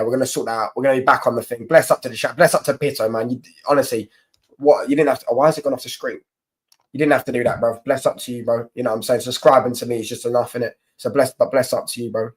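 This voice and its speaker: Young man, football streamer, slangy and excitable chat, mid-range voice. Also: medium pitch, rough recording. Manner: slangy, excitable, shouts out viewers. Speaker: football livestream host. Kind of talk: casual livestream chat.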